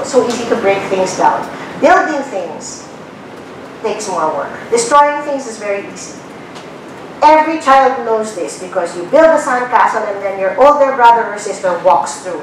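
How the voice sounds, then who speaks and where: A Filipino woman giving a guest lecture to a business class, blunt and animated, firing off rhetorical questions. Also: medium pitch, distant mic, background noise. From Philippines. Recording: very echoey room recording from afar.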